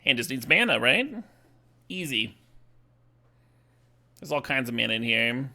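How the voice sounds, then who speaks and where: A man live-streams a card game, thinking aloud about his plays with casual swearing and frequent laughter. His mid-range voice is sing-song and sharp, with vocal fry, and he speaks at a measured pace.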